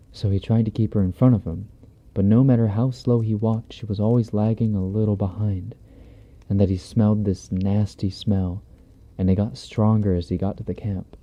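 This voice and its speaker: A man with a low, very dark, mellow voice reads a horror story in an easygoing, swear-laden, conversational manner. He sits close to a binaural mic, and the stream audio sounds a little dull and lo-fi. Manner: laid-back, profane, conversational delivery. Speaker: streamer reading horror stories. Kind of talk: casual horror story reading. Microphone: binaural dummy-head mic.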